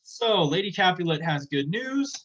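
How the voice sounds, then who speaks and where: A man's voice: sits high, big pitch swings, normal speed, fairly bright tone. A man teaching a class in a casual, chatty way, paraphrasing the text in plain words. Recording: dull lo-fi recording.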